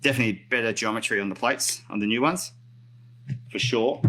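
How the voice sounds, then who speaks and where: A middle-aged Australian-accented man, a roller skate hobbyist, gives a casual live-stream tutorial demonstrating skate maintenance. He's chatty and rambling, correcting himself as he goes and reading out viewer comments. His medium-pitched voice is brisk, with background noise present.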